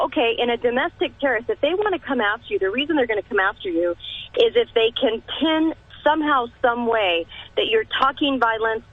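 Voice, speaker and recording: A woman's voice: fairly high pitch, no echo. A woman talking on a radio show, emphatic and impassioned, often restarting her sentences, heard over a phone line. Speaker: radio talk guest. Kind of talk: radio talk discussion. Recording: dry tinny phone line.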